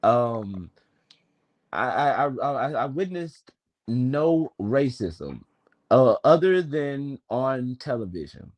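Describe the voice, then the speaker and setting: A man's voice: medium pitch, very animated, slow. A man in his twenties from Memphis with a Southern accent, chatting casually on a stream with profane slang and long rambling stories. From Memphis, Tennessee. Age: 20s. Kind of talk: casual chat.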